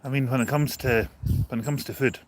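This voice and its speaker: A man's voice: medium pitch, steady tone, brisk, a little hiss or hum. A man making dry wisecracks in casual chat while out train spotting. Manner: dry wisecracks, hesitant restarts. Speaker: vlog co-host. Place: outdoors at a railway station.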